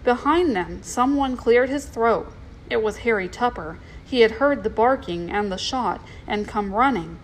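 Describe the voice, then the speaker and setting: Lady reading a kids' story out loud, slightly high voice, faint hiss behind. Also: lively intonation, unhurried, poor audio. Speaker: narrator.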